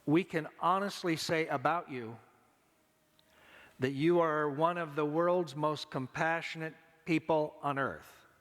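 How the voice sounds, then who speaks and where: Pastor guy giving a funeral message, kinda high voice, slow and careful, church echo all around. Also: a bit bright. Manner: slow, deliberate, repeats key lines. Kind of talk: funeral sermon. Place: church sanctuary. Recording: long church reverb.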